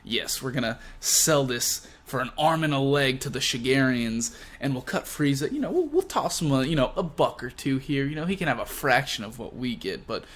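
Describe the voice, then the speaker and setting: A man's voice: medium pitch, lively intonation, moderate pace, few pauses, a bit bright. A man voicing greedy, scheming male villains in a light, everyday voice while retelling a comic.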